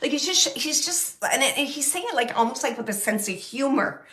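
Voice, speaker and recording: Bright-toned woman medium giving a reading. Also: high-pitched, lively intonation. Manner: halting, repeats phrases, many fillers; relays messages, quotes the dead man. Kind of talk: live audience reading, thinking aloud.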